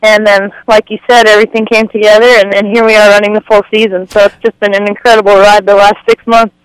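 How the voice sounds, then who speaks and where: A woman's voice: medium pitch, level tone, quick pace, smooth, no echo, low-quality recording. A woman in her twenties from Canada, a race car driver, talking eagerly and gratefully as a radio guest, with lots of filler words. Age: 20s. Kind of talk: radio interview.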